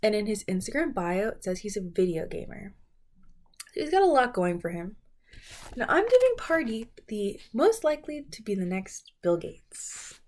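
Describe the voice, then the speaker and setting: A woman's voice: medium pitch, sing-song, moderate pace, darkish tone, a little hiss or hum. A young woman chatting casually and playfully about reality TV contestants in a vlog. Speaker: beauty and reality TV vlogger.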